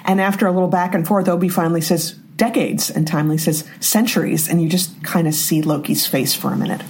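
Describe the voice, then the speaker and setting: A woman's voice: on the low side, flat delivery, fast talker, darkish tone. A woman co-hosting a podcast, casually retelling scenes with frequent laughs and exclamations. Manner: laughs often, exclaims reactions. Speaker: podcast co-host. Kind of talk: casual recap chat.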